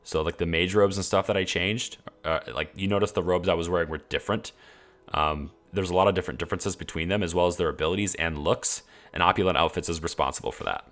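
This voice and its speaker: A man's voice: deep voice, steady tone, fast, fairly bright tone. A man streaming a game, casually walking through his mod list in a rambling, enthusiastic way with many fillers. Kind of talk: casual walkthrough of game mods.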